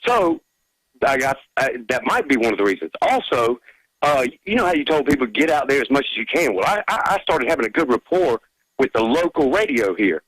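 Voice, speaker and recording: A man's voice: mid-range voice, very animated, brisk, a bit bright, slightly rough, no room sound, poor audio. A man from Georgia calling in to a radio show, talking casually and hesitantly with many fillers. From Georgia, United States. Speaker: caller. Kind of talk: casual phone-in chat.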